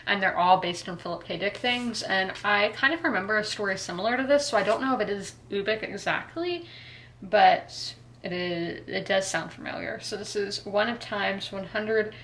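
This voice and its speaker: A woman's voice: medium pitch, moderate pace, fairly bright tone, a little hiss or hum. A woman, chatting casually about her reading in a rambling way, full of ums and likes. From South Carolina, US. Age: 20s. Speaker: book vlogger. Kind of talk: casual reading vlog chat.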